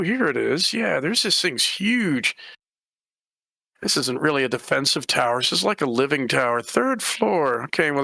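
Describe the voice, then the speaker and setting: Gravelly bright-voiced male game master. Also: on the high side, no room sound. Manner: rambling, laughing, voicing characters. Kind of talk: narrating a tabletop game.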